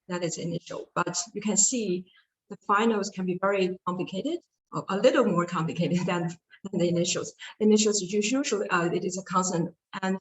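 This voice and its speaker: A woman explains pronunciation in a relaxed online lesson. She speaks at a middle pitch and hesitates often, with fillers and restarts. The room sounds echoey, with a faint hiss behind her. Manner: hesitant, many fillers and restarts, light laughs. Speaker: Chinese language teacher. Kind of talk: online lecture with slides.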